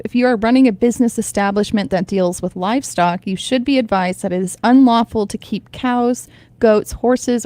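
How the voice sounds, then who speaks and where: A woman with a warm, medium-pitched voice hosts a radio morning show from the studio, reading items aloud between casual chat and frequent laughter. The studio microphone gives a dry recording.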